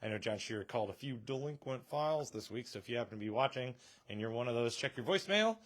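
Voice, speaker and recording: A man's voice: medium pitch, lively intonation, fast talker, fairly bright tone. Guy running a comic shop live stream, chatty, jokey, laughs a lot. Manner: chatty, joking, laughs often. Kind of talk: casual live-stream chat.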